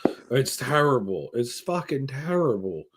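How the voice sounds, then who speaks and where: This is a middle-aged man riffing on a podcast, loose and profane. He tells stories at an ordinary mid pitch and keeps acting out what people said along the way. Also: measured pace, background noise. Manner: profane, animated, acts out quoted voices. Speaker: podcast co-host. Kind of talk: crude casual storytelling.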